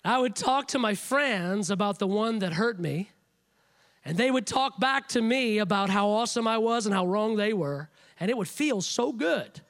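A man delivering a sermon in a strikingly high voice. He is emphatic and stacks repeated phrases to build each point. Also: lively intonation, normal speed, fairly bright tone. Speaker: preacher.

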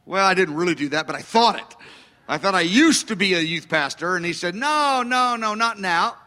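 A man's voice: high voice, brisk, pushed and bright, long reverb tail. A man in his fifties, a pastor telling a personal story in a sermon, self-deprecating with chuckling asides.

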